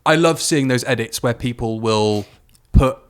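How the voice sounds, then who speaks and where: A man's voice: medium pitch, unhurried, clean tone. A man co-hosting a podcast, chatting casually and reeling off researched facts in a review. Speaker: podcast co-host.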